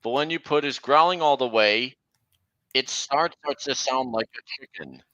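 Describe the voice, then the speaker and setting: A young man hosting a casual livestream, talking in a halting way with many restarts. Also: mid-range voice, pushed and bright, muffled recording. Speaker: livestream host. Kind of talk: casual stream chat.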